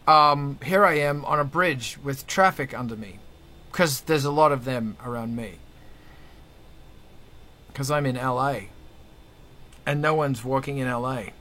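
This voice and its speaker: A man hosting a casual panel chat, energetic and jokey as he hands questions to guests. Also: mid-range voice, a little slow, pauses often. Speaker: host.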